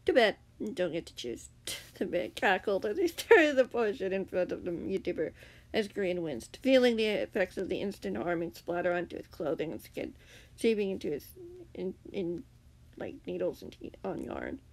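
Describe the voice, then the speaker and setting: A woman reads her own fan story aloud casually, correcting herself and adding chatty asides. Her voice is gravelly with a lively, wide-ranging pitch. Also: moderate pace. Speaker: fanfiction narrator. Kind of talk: amateur story reading.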